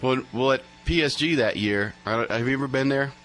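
A man's voice: medium pitch, a little fast, loud music behind the voice, rough recording. A man being interviewed as a musician, chatting casually with many fillers and restarts. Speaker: musician guest.

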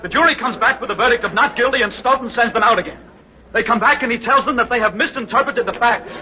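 A furious grown son in an old radio drama, his voice pitched high and cutting. He protests bitterly and urgently. The sound is dull, like an old broadcast. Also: fast, pushed and bright, some chatter behind, exaggerated voice. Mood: angry, bitter. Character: angry grown son of a condemned woman. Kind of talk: 1950s radio drama acting.

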